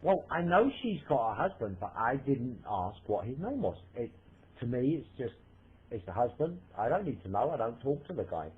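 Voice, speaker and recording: A man's voice: medium pitch, sing-song, moderate pace, breathy edge. A man in a voice chat room, defensive and hesitant, rambling as he explains himself. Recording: tinny phone-like line.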